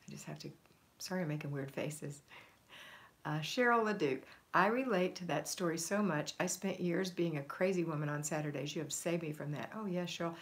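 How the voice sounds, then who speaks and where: Low-voiced woman chatting on a livestream. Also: fairly quick. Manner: warm encouraging, reads comments aloud and answers. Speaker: homemaking coach hosting a livestream. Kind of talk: casual livestream chat reading viewer comments.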